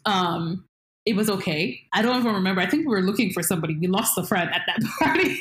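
A young woman telling a story in casual chat, animated, jumping into high squeals when she acts out her panic. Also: fast, roomy sound, slight background noise.

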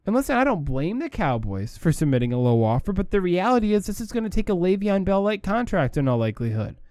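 High-voiced man hosting sports talk. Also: big pitch swings, quick pace, darkish tone, clean tone, no room sound, studio quality. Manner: emphatic, repeats points for stress. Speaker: sports talk show host. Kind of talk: opinionated sports commentary.

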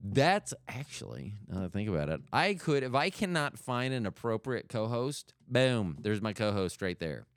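A man's voice: on the low side, very animated, moderate pace, few pauses, no echo, studio quality. A middle-aged man hosting a solo podcast, rambling and joking as he keeps cutting himself off. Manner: rambling, self-interrupting, jokey. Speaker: podcast host.

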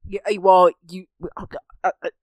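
A woman's voice: on the low side, flat delivery, moderate pace, no room sound, studio quality. Blunt, teasing young woman co-host. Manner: blunt, teasing, swears a lot. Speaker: podcast co-host. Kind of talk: casual chat.

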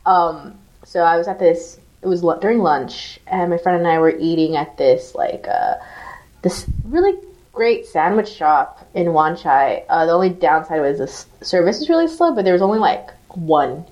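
A woman co-hosting a podcast, telling an animated, profanity-laced story full of "like" fillers in casual chat. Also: lowish voice, moderate pace, lo-fi sound. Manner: animated, swearing, lots of "like" fillers. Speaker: podcast co-host.

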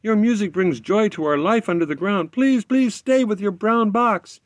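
Man voicing high, pleading burrow creatures. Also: moderate pace, dry recording, close to an everyday voice. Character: chorus of small underground creatures. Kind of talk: storybook read-aloud.

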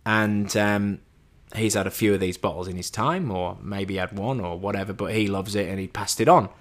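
A man telling a casual story as a monologue, animated and chatty, with a self-deprecating tone and frequent restarts. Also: fairly low pitch, moderate pace. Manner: animated, acts out quoted dialogue in a raised voice.

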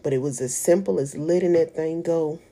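A woman who is a mother, giving an earnest, emotional faith testimony with repetitions and pauses. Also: sits low, warm tone. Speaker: mother of an autistic son.

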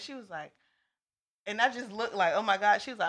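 A woman's voice: a little high, big pitch swings, brisk, pushed and bright. A woman co-hosting a casual chat, talking frankly and reflectively about relationships. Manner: frank, reflective, laughs often. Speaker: podcast co-host.

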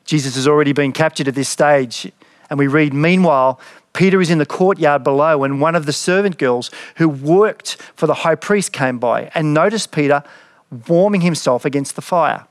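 A man's voice: on the high side, normal speed, no room sound, clean studio sound. A man, a pastor, preaching a sermon in an earnest, reflective way and reading scripture dramatically.

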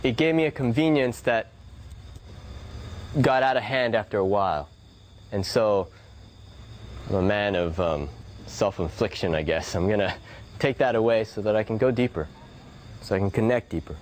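A man's voice: lowish voice, moderate pace, long pauses, slight background noise. A man who is a guest, telling reflective stories in conversation and laughing often. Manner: animated, laughing storyteller.

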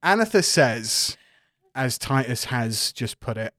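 Man, game master, narrating, joking, animated pitch, dry close sound. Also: takes it slowly, dry recording. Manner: animated, joking, swears casually.

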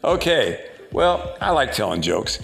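A man's voice: medium pitch, very animated, unhurried, gravelly, a bit bright, soft background music. A man hosting a podcast, delivering a rambling, preachy monologue full of repetitions and jokes. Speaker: podcast host and political candidate.

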